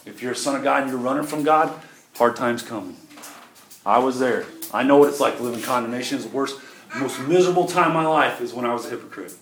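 In an echoey church with faint background noise, a middle-aged man delivers a sermon fast, in a mid-range, slightly bright voice. His preaching is folksy and emphatic, rising and falling in volume.

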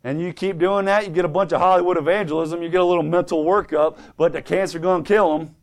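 Fervent high-voiced male preacher. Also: fairly even intonation, fast talker. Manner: fervent, swings from quiet to loud, quotes scripture in old English. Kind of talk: sermon.

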